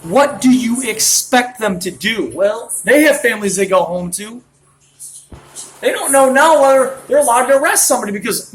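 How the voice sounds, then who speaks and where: A man's voice: very high voice, animated, normal speed, poor audio. Worked-up rambling man in his late thirties. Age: late 30s. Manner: worked up, rambling, jumps between points. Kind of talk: ranting monologue.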